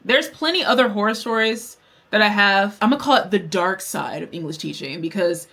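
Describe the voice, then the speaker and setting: A young adult woman telling a story to camera while doing her makeup, candid and profane, with animated storytelling. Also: mid-range voice, normal speed. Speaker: vlogger.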